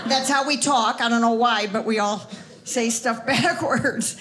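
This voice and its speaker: A woman's voice: on the high side, a little slow. A woman from the Midwest doing a stand-up set, telling stories with punchy sarcasm and bantering with the audience. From Wisconsin, American Midwest. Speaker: stand-up comedian. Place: comedy stage before a live audience. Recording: noisy live stage recording.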